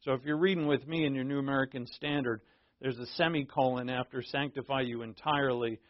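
A man teaching through a Bible passage in a relaxed, conversational way, explaining terms plainly and often restarting his sentences. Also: medium pitch, a little fast, no echo, lo-fi sound. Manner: conversational and digressive, with frequent restarts.

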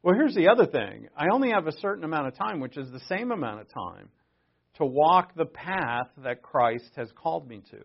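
A man's voice: a little high, sing-song, moderate pace, vocal fry, husky, lo-fi sound. A man giving a sermon in an earnest, conversational way, stopping to restart and then pressing points with sudden emphasis. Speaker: preacher.

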